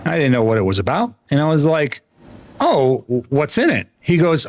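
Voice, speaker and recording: Animated, rambling, foul-mouthed American man. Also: normal speed, dry recording. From United States. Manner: rambling, profane storyteller with lots of restarts; animated, often jumps up in pitch. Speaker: livestreamer. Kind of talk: casual live-stream chat while gaming.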